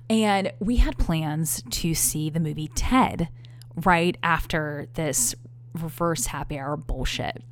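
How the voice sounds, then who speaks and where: Gravelly low-voiced woman telling a story. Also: slow, slight background noise. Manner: candid, profane, exasperated. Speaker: vlogger. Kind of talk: casual storytelling to camera.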